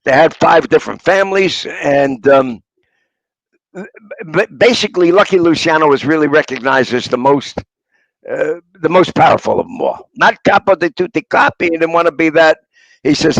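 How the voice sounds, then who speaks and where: Gravelly older man telling stories. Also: fairly high pitch, animated, normal speed, dry recording, highs cut off. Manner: rambling raconteur, punchline storyteller. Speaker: interviewee, author. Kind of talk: anecdotal storytelling.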